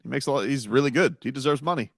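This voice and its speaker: A man's voice: medium pitch, racing, slightly rough, no echo. A man hosting a sports radio show from a studio, upbeat and playful as he jokes with his co-hosts. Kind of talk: casual sports radio banter.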